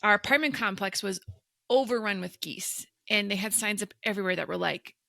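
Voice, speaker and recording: A woman in her thirties hosting a podcast, chatting and telling stories in a lively, animated way on a close mic. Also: medium pitch, a little fast, creaky, no room sound. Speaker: podcast host. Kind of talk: casual podcast chat.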